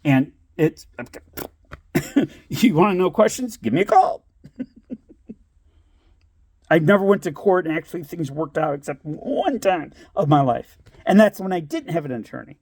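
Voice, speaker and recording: A man's voice: fairly high pitch, lively intonation, unhurried, pauses often, darkish tone, no room sound, clean studio sound. A man vlogging in a casual storytelling monologue, giving blunt, streetwise advice and laughing often as he talks. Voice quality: laughs often while talking.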